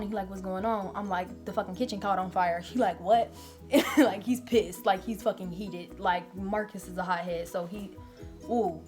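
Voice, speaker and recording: Profane, animated woman telling a storytime. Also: mid-range voice. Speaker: vlogger. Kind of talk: get-ready-with-me storytime. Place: grandmother's apartment indoors.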